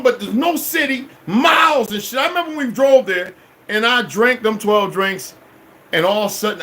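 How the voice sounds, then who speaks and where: A man's voice: very high-pitched, bright, forceful tone, rough recording. A middle-aged man telling a long personal story as a vlogger, in a rambling, profane, emphatic way. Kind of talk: casual storytelling monologue.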